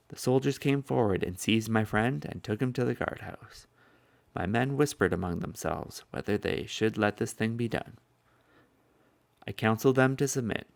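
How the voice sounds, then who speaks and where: A man narrating a historical first-person account in a measured, solemn way, with a gravelly voice. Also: on the low side, dry recording. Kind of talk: solemn reading of a historical speech.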